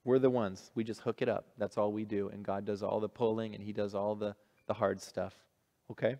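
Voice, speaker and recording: A man's voice: fairly low pitch, little pitch movement, fairly quick, warm tone. A male pastor giving a conversational, folksy sermon in a church hall, reading a story and leading prayer. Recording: long hall reverb.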